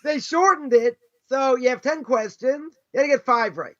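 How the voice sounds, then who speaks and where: Speaking at a moderate pace in a voice unusually high for a man, a middle-aged rabbi from the United States gives a casual, conversational Torah lesson. He's chatty, peppering his talk with rhetorical questions, "right?" and constant "you know"s. The recording sounds dull and lo-fi.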